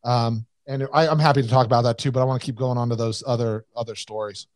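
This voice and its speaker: A man's voice: mid-range voice, fairly even intonation, fast, dry recording. An American man co-hosting a casual podcast chat, rambling with lots of fillers and restarts. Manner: rambling, many fillers and restarts, laughs often. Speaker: podcast co-host.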